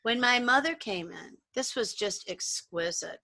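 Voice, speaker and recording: A woman co-hosting a talk show, reminiscing in a rambling, animated storytelling way with frequent restarts. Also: on the high side, a little slow, gravelly, no echo. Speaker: co-host. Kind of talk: casual storytelling chat.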